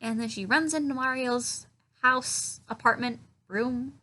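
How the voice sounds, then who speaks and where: A woman's voice: fairly high pitch, a little slow, bright, forceful tone. A woman recapping a film in a casual, sarcastic way, swearing a lot and mocking the dialogue. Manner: sarcastic, profane, mocking movie dialogue in silly voices. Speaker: film reviewer.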